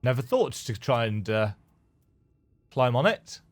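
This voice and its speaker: Over faint game music, a male streamer talks through his video game at a measured pace in a medium, sing-song voice. His manner is musing and self-deprecating, and he hums to himself between casual comments.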